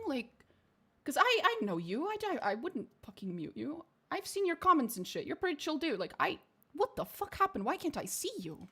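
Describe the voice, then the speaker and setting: A woman's voice: a little high, fairly bright tone. A young woman from Portugal with a shifting accent, mostly British or American with a slight Portuguese edge, giving blunt, profane, laughing commentary while streaming a game. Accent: shifting, mostly posh British or American, slight Portuguese.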